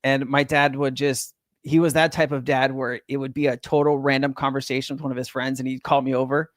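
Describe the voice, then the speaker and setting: A man's voice: medium pitch, flat delivery, brisk, dry recording, studio quality. A man hosting a casual crypto livestream, rambling and chatty with lots of fillers and restarts.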